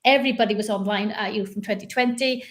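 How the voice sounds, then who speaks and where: A woman from Northern Ireland with a Northern Irish accent, a business coach talking in a chatty, animated way as an interview guest. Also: fairly high pitch, quick pace. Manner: chatty, animated, many fillers and restarts. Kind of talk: conversational interview.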